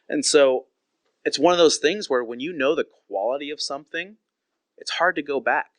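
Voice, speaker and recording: A man's voice: mid-range voice, a little fast, fairly bright tone, no echo. A man in his thirties, a pastor, preaching in a candid storytelling way and acting out quoted conversations.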